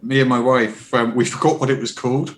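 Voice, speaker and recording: A man's voice: medium pitch, flat delivery, fairly quick, a little hiss or hum. A man, a podcast guest chatting casually and telling anecdotes. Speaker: podcast guest, game publisher. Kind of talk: casual chat.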